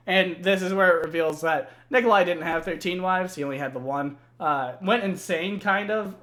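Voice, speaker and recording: A man's voice: sits high, normal speed, hardly any pauses, sharp tone. A young man casually recounting video game lore, rambling and swearing, with plenty of fillers. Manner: rambling, profane, many fillers. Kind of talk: casual chat.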